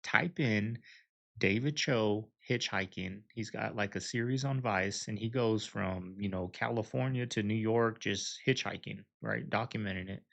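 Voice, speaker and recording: A man's voice: fairly low pitch, moderate pace, creaky, hardly any pauses, a bit bright, muffled recording. A man hosting a reaction show, chatting casually to his viewers in a laid-back way. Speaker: reaction channel host.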